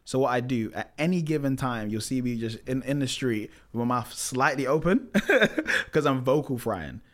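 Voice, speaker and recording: A young man, a musical theatre actor, chatting in an interview, relaxed and full of fillers and repeats. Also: medium pitch, normal speed. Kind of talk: casual interview chat.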